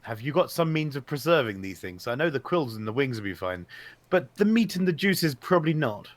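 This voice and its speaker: A man's voice: medium pitch, big pitch swings, brisk, no echo. A man playing a tabletop game in character, speaking in a playful, mock-formal way. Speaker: player.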